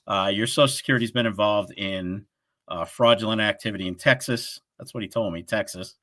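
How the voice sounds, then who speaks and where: A man's voice: on the low side, brisk, no room sound. A man co-hosting a casual live stream chat, telling stories and acting out the people in them. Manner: animated storyteller, acts out callers' lines. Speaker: co-host of a livestream show.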